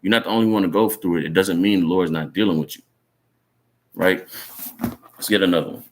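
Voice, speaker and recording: A man with a very low voice, teaching scripture in a loose, everyday way. He sounds earnest and encouraging and keeps checking in with his listeners. His phrases are filled with casual tags as he talks the message through. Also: fairly quick. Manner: conversational, repeats "man" and "right?" as tags. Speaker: Bible teacher. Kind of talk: informal sermon teaching.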